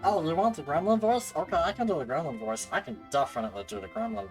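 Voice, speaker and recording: A man's voice: sits high, expressive, fast talker, gravelly, hardly any pauses, darkish tone, faint music behind. A man streaming a game, joking with chat in casual commentary. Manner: joking, laughing, talks to chat.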